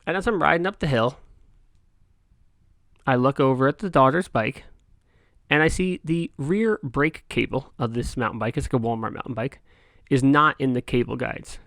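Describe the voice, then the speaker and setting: A man's voice: medium pitch, normal speed, fairly bright tone, dry recording, clean studio sound. A middle-aged man vlogging, telling a story in a heated, exasperated rant with frequent restarts. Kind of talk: casual rant to camera.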